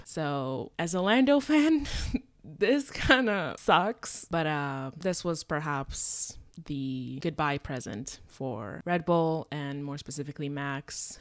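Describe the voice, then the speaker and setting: Woman, vlogger, low voice, dry sound, casual emotional chat. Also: clean tone, no room sound. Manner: emotional, rambling, fan-like.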